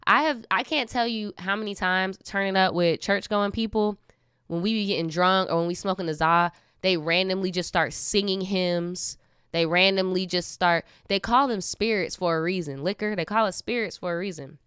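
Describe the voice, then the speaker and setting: A woman's voice: mid-range voice, normal speed, fairly bright tone, clear, resonant tone, no room sound, clean studio sound. A young adult woman hosting a casual storytime, reacting with slangy, candid commentary and laughing asides. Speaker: storytime host.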